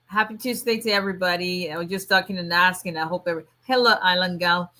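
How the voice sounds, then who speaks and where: A middle-aged woman hosts a casual livestream, greeting viewers warmly by name and chatting with frequent restarts and fillers. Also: fairly low pitch, fast. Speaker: immigration attorney hosting a livestream.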